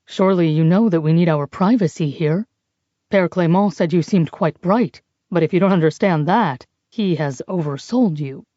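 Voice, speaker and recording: Brisk condescending forger man, as a woman reads him. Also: lowish voice, mellow, no room sound, highs cut off, natural voice. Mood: dry, condescending. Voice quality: condescending, brisk, talks over others. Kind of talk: audiobook character voice.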